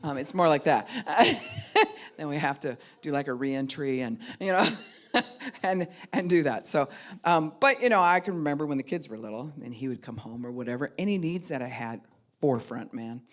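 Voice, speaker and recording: A woman's voice: low-pitched, lively intonation, normal speed. A middle-aged woman pastor giving a conversational teaching talk, speaking candidly and frankly and acting out the voices of people she quotes.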